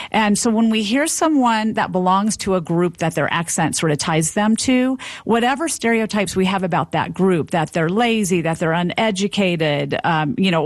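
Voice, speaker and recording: A woman's voice: medium pitch, no room sound. A woman professor, a guest expert, explaining at length in an interview with a fluent, lecturing manner.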